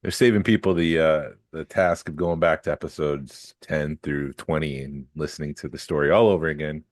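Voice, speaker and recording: A man's voice: very deep voice, steady tone, moderate pace, no echo. A man co-hosting a casual podcast chat, telling stories with dry, teasing wit. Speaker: podcast co-host.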